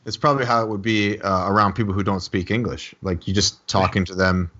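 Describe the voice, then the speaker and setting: Man hosting podcast, lowish voice, laid-back, muffled call audio. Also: steady tone, a little fast, fairly bright tone. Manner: laid-back, short agreeing replies. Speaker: podcast host. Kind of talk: casual chat.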